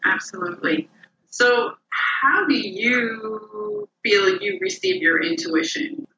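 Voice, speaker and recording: An interviewer asking questions and giving brief, slow affirmations. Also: mid-range voice, animated, creaky, pushed and bright, a little hiss or hum. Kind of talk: conversational interview. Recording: distant, dull, roomy.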